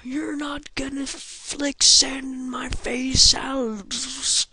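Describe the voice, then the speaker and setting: A woman's voice: high voice, level tone, extremely slow, sharp tone, husky, no room sound, voice pushed up, exaggerated voice. A woman voicing a brash, taunting male creature from a video game that threatens to lick its foes. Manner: cocky, taunting.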